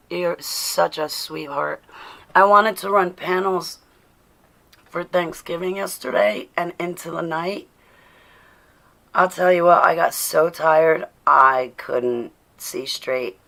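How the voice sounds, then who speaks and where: A woman's voice: fairly low pitch, creaky, a bit bright. A woman at home talking casually to her livestream viewers, greeting them by name and often laughing. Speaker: livestream host. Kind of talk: casual live chat to viewers. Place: indoors at home.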